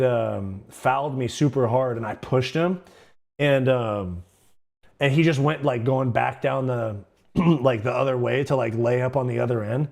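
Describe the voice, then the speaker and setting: A man's voice: medium pitch, gravelly, a little mellow. Profane young man telling stories. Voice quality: profane, slangy, rambling. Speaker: livestream host. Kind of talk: casual storytelling.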